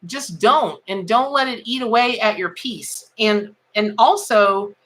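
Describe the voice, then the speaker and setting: A woman's voice: mid-range voice, a little slow, fairly bright tone. Chatty woman reading tarot live. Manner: chatty, folksy, laughs often, greets chat by name. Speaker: tarot reader.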